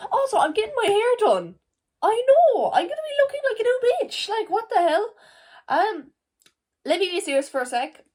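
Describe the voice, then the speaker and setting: A teenage girl from Ireland, rambling to camera at home in a casual vlog, full of "like" and swearing. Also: high-pitched. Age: teens. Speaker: vlogger. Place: at home, indoors. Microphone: camera facing her.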